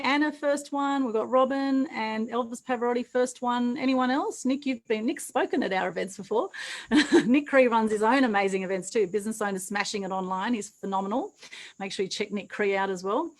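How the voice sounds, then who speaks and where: A woman hosts an online meetup over a video call, her voice pitched a little high. She is upbeat and effusive, heaping praise on every guest. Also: low-quality recording. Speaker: meetup host.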